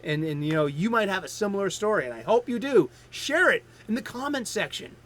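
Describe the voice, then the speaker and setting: A man in his fifties hosts a casual stream about comic books. He talks in a chatty, rambling way, often restarting his sentences. His voice sits a little high for a man. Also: sing-song, fairly quick, fairly bright tone. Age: 50s. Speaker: host.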